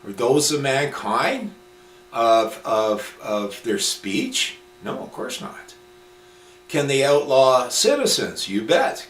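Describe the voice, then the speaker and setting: A man's voice: medium pitch, a bit bright. A man ranting casually and with emphasis, swearing often and restarting his sentences as he rambles. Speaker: speaker on common law. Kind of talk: casual rant. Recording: roomy, distant mic with mains hum.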